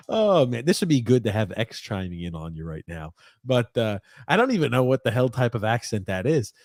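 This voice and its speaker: An energetic male podcast host whose pitch swings widely as he chats. He talks casually and swears now and then, and his voice is dry and close, with no room sound. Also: normal speed, no echo.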